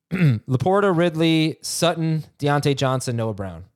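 Halting man hosting a fantasy sports podcast. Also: on the high side, expressive. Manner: halting, many restarts, reads questions aloud. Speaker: podcast host. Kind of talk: casual chat, reading listener emails.

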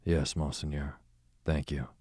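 A man's voice: very deep voice, flat delivery, measured pace, husky, no room sound, studio quality, exaggerated voice. A man reading as a timid young page boy. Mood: humble. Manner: soft, humble replies.

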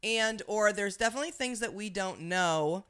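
A woman co-hosting a podcast chats casually about politics, rambling, swearing, and restarting often. Her mid-range voice is fairly bright, clear, and resonant, at a moderate pace.

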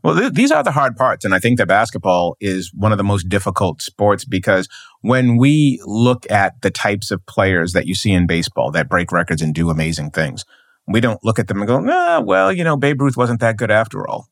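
A man's voice: low-pitched, sing-song, moderate pace, no echo, studio quality. A man, a sports journalist, speaking emphatically as a podcast guest and building his points with repeated phrases. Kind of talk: podcast interview.

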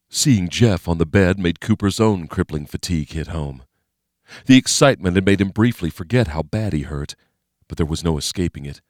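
A man reading a novel aloud as narrator, in a steady, measured way. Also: deep voice, no echo, studio quality. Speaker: audiobook narrator. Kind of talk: scripted narration.

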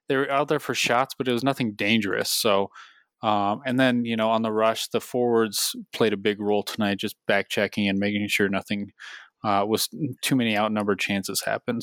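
A man's voice: fairly low pitch, fairly bright tone, no room sound. A man co-hosting a podcast, thinking aloud in a loose, casual way about a game. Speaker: podcast co-host. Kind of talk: casual sports analysis chat.

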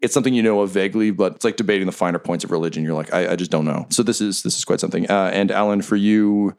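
A man runs a tabletop game, laying out scenes and lore in a relaxed, chatty way. His voice sits very low. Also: rapid-fire, gravelly, smooth. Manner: casual, describing scenes at length. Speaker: game master.

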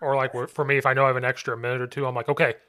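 A podcast host who also coaches linemen, talking casually and cracking outlandish jokes while laughing often. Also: male voice, mid-range voice, flat delivery, rapid-fire, bright, forceful tone, dry recording, clean studio sound. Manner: jokey, laughs often, outlandish one-liners.

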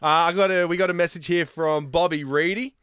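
A man's voice: fairly high pitch, steady tone, a little fast, fairly bright tone, clean tone, dry recording, studio quality. A man co-hosting a podcast in casual chat, teasing and laughing easily. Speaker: podcast co-host.

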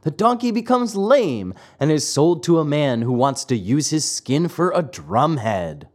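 A man reading a classic fairy tale aloud, dramatic and expressive. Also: a little high. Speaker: narrator. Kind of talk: storybook reading.

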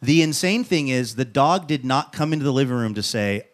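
A man hosting a talk show, with a voice in the middle pitch for a man. He tells a comic story in a lively, animated way and acts out what people said. His delivery is casual and chatty. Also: fairly quick. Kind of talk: comic monologue and interview.

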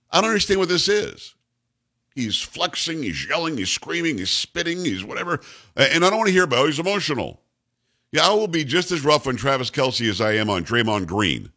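Man, middle-aged, talk show host, blunt, emphatic, repetitive, lively intonation. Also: mid-range voice. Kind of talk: opinionated monologue on sports news.

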